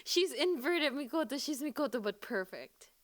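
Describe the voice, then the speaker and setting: A young woman streaming live and reacting, excitable and gushing, swearing often. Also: high-pitched, normal speed. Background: faint music.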